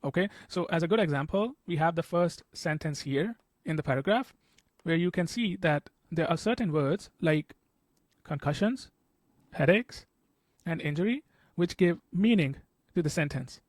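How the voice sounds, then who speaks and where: Man, patient test-prep tutor, slightly high voice, dry close sound, lots of "okay". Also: lively intonation, no room sound. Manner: patient, repeats example sentences slowly, frequent "okay". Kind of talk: explanatory tutorial.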